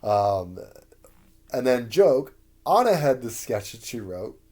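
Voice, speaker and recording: A man's voice: medium pitch, big pitch swings, slow pace, darkish tone. A man casually recalling his sketch comedy shows, meandering and full of ums and uhs. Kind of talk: casual rambling recollection.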